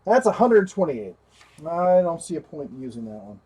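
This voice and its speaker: A man's voice: a little high, big pitch swings, moderate pace, warm tone, husky. A man hosting a livestream while rebuilding a computer, chatting casually, talking to his parts and his dog. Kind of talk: casual live tech narration.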